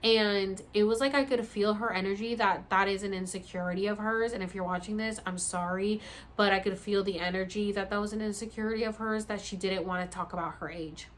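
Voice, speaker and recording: A woman tells a story in a casual, animated way, acting out each exchange. Her pitch sits in an ordinary middle range. A faint noise can be heard behind her. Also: brisk. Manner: animated, acts out the dialogue. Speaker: vlogger.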